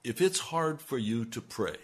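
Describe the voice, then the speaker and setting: A middle-aged man preaches on a radio broadcast as a pastor and then prays with earnest, pleading urgency. He talks slowly and lets his words land, in a voice of ordinary pitch for a man. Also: expressive. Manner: earnest, pleading prayer that rises in intensity. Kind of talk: radio sermon and prayer.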